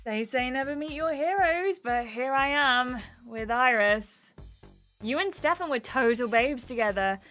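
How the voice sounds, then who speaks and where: Brief: gushing young dating-show girl, read out by a woman streamer, bright, lively delivery. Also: high voice, unhurried, faint music behind. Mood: confiding. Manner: gushing and confiding. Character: chatty young woman reality show contestant.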